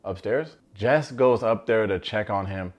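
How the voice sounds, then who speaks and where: A man's voice: fairly low pitch, measured pace. Slangy joking man recapping a show. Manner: animated, slangy, joking asides. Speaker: reality TV recap host. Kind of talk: comedic show recap commentary.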